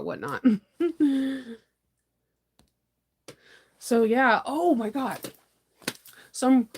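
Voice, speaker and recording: Animated, laughing woman in casual chat. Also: medium pitch. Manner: rambling, animated, laughs often, dramatic outbursts. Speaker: sewing channel host. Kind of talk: casual morning live chat.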